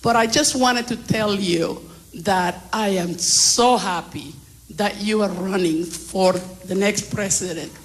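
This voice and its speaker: A woman's voice: medium pitch, takes it slowly, slight background noise. A woman from Nicaragua with a Nicaraguan Spanish accent, speaking earnestly as an audience member at a town hall. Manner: earnest, heartfelt.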